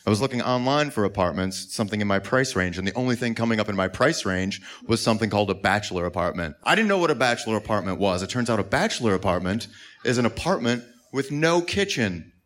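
A man's voice: on the low side, lively intonation, fast, a bit bright. Mock-outraged male stand-up comic. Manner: mock-outraged, emphatic storytelling. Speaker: stand-up comedian. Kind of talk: stand-up comedy set.

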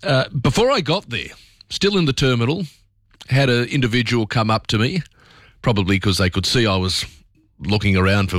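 A man's voice: lowish voice, a little fast, fairly bright tone, no room sound, studio quality. Australian male talkback radio host. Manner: conversational, opinionated, many fillers.

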